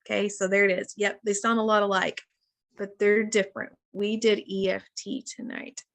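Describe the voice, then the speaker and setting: Chatty woman with a gravelly voice. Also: mid-range voice, level tone, moderate pace. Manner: chatty, keeps addressing listeners as guys. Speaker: wellness session leader. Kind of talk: casual live teaching session.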